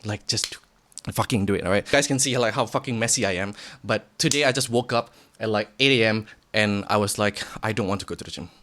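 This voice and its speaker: A young man giving a blunt, profane motivational rant to the camera, swinging from quiet to shouting. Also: fairly low pitch, a little fast. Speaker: vlogger.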